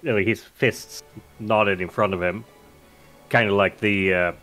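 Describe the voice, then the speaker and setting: A man describing his character at a tabletop game. He speaks slowly and hesitantly in a somewhat low voice, with many fillers. Faint music plays behind him. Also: steady tone, fairly bright tone. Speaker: player.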